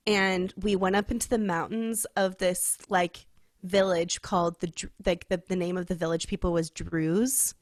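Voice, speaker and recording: A young woman co-hosting a podcast in casual chat, talking fast and loose with lots of fillers and frequent laughter. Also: fairly low pitch, fairly even intonation, dry recording, studio quality. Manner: chatty, many "like" fillers, laughs often. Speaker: podcast co-host.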